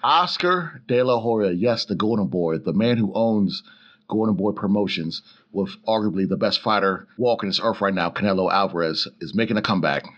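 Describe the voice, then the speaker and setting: A man with a fairly low voice, talking boxing as a podcast guest. He is loose and joking, and the recording sounds a bit dull. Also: lively intonation, moderate pace, a bit bright. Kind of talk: casual podcast commentary.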